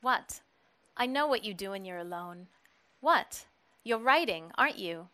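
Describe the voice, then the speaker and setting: Woman reading as a gentle, wry elderly novelist. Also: mid-range voice, lively intonation, unhurried.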